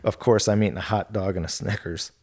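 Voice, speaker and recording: Low-voiced man telling golf stories. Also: fairly even intonation, quick pace, a little mellow, breathy edge. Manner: rambling anecdotes, quoting others, laughing. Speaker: golf club territory manager guest. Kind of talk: casual podcast storytelling.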